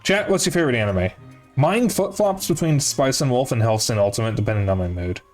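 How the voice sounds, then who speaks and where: A young man streaming to his live chat speaks fairly quickly in an expressive, medium-pitched voice with a darkish tone. His casual chat rambles, with self-corrections and the odd curse, and faint music plays behind him.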